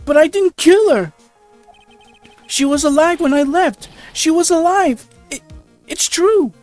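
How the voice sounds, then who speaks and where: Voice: unhurried, faint music behind. A reader voicing a desperate male death-row convict, pleading his innocence in a visual novel game. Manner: high, loud, desperate pleading. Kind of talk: reading game dialogue aloud.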